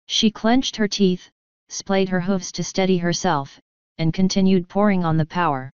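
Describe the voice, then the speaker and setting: A woman narrating a fan fiction story in an even, steady reading, in a slightly dull, dry recording. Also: on the low side, moderate pace, clear, resonant tone, no echo.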